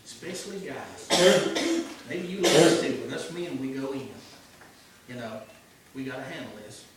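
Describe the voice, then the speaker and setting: A man teaching a church class in an informal, earnest sermon style, swinging between hushed and emphatic. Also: medium pitch, lively intonation, moderate pace. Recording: echoey room from far off with noise.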